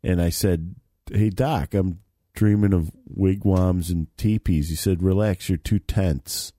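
Lower-voiced man in slow banter. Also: fairly even intonation, warm tone, slight background noise. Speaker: co-host. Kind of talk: casual banter.

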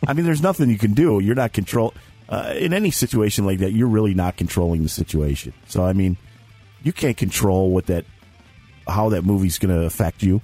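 A man's voice: on the low side, a little fast, dark tone, soft background music. A man co-hosting a casual podcast, a father who laughs a lot and tells anecdotes. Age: adult with a young son. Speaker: podcast co-host. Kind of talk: casual chat.

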